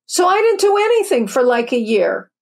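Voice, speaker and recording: Speaking at a moderate pace, this woman has a high, very animated, creaky voice. In an interview, the spiritual teacher and author, aged fifty-plus, tells her story earnestly and chattily, restarting many times.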